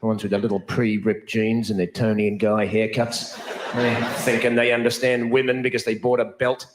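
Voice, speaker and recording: Speaking at a moderate pace with a lowish, level voice, a male Australian comedian performs brash, foul-mouthed stand-up in a club. Background noise, echo and big laughs fill the recording.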